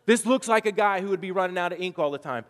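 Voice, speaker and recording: A man's voice: high-pitched, fast, fairly bright tone, in a large hall. A man preaching a sermon as pastor, telling a chatty story with frequent stammered restarts.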